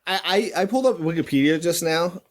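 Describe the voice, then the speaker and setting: A man's voice: fairly high pitch, expressive, fairly quick. A man co-hosting a podcast, chatting casually about a horror movie with wry, sarcastic asides, swearing and laughing often. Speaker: podcast co-host.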